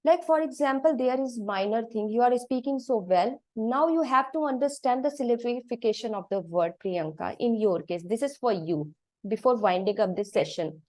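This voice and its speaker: A woman with an Indian accent, speaking as an English trainer. Her voice sits a little high, and she explains points patiently step by step. She mixes Hindi phrases into her English. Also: animated, moderate pace, darkish tone.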